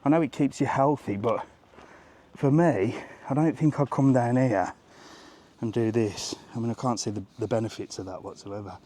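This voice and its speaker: Strolling an outdoor seaside promenade, a forty-something man hosts a casual live travel vlog. His medium-pitched voice has a dark tone and normal speed, and his talk is chatty, rambling and full of jokes.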